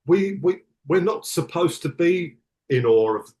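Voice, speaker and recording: A man's voice: a little high, expressive, measured pace, a little mellow. A middle-aged man, a tour manager guest on a podcast, chatting casually in a reflective, rambling way with many restarts. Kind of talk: casual chat.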